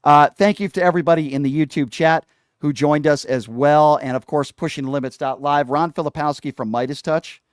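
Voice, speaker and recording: High-voiced man angrily hectoring a caller. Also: fairly even intonation, brisk, clean tone, no room sound, studio quality. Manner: hectoring, insulting, repeats questions. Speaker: talk show host. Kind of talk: heated call-in argument.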